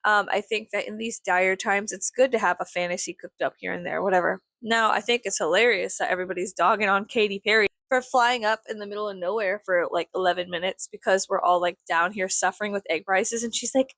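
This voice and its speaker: Gravelly, sarcastic young woman ranting. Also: mid-range voice, fairly even intonation, brisk, hardly any pauses, fairly bright tone, no echo. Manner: profane, sarcastic, exasperated. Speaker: vlogger. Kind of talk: ranting casual monologue.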